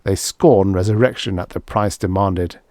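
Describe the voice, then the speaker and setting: A man doing a hoarse, raving war-worn soldier. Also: low voice, normal speed, dry recording, studio quality. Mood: ranting. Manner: hoarse, loud ranting that keeps rising. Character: raving shell-shocked WWI soldier, bitter and wild.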